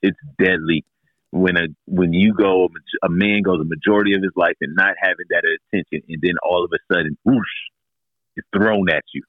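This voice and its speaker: Male co-host, very low voice, expressive, slightly dull lo-fi dry recording. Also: fairly quick, no echo. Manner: emphatic, chimes in with agreement. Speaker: podcast co-host. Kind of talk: casual chat.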